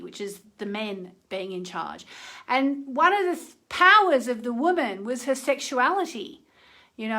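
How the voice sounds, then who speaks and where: A woman's voice: a little high, a bit bright. Chatty woman astrologer on a phone livestream. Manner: chatty, keeps asking "okay?". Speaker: astrologer hosting a live session. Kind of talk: live-streamed talk and guided meditation.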